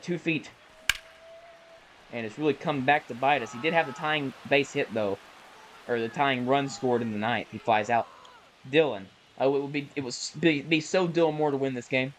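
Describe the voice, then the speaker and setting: A man casually calling the plays of a baseball video game he is playing, chatty and self-correcting, with bursts of excitement on big plays. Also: medium pitch, normal speed, a little hiss or hum, low-quality recording. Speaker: gaming YouTuber. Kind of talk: casual play-by-play while gaming.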